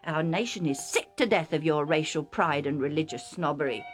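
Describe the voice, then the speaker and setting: A woman's voice: sits low, normal speed, faint music behind, natural voice. A woman reading a story aloud voices a furious, proud older chieftain who scornfully defends his daughter. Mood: indignant. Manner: indignant, scornful, declaiming.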